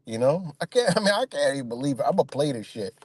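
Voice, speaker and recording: A man hosting a casual livestream, ranting in a rambling, profane way and mimicking other people in high voices. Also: very animated, fast talker, dry recording. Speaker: livestream host.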